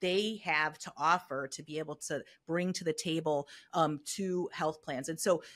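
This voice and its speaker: A middle-aged woman who works as a health equity consultant speaks thoughtfully as an interview guest, laying out her views and often saying "you know." Her voice sits low with a fairly bright tone at a normal speed. The studio-quality recording has no echo, in the style of a conversational expert interview.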